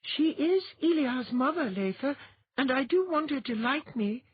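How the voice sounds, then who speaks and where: A man's voice: very high voice, animated, measured pace, dry recording, phone-quality sound, pitched above the performer's own voice. A man voicing a tiny, nervous and eager young noblewoman in a storybook reading. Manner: breathy, nervous and earnest.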